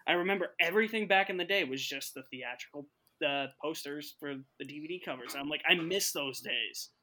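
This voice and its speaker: A man's voice: on the high side, fairly quick, pushed and bright. A man co-hosting a casual movie podcast, talking enthusiastically. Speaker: podcast co-host. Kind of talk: casual chat.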